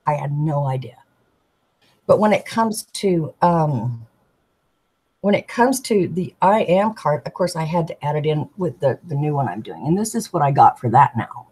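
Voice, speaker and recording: A woman, a tarot deck artist, chatting as a guest and telling animated stories, acting out the people she quotes. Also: sits low, moderate pace, husky, low-quality recording. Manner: animated storyteller, giggly, acts out quoted voices. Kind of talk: casual storytelling chat.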